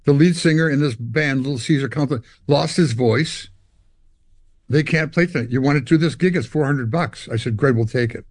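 An older Canadian musician, interviewed as a guest, talks at medium pitch and a moderate pace with no room sound. He narrates long stories animatedly, playing out the dialogue and sounding out guitar parts.

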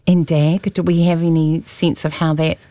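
A woman radio host who asks brisk questions and reads out listener texts. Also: low-pitched, flat delivery, mellow, dry recording.

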